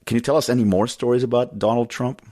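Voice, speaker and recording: A man hosting an interview, giving measured personal opinions before asking a question. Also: medium pitch, fairly even intonation, dark tone, dry recording, clean studio sound. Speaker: host. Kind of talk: interview host commentary.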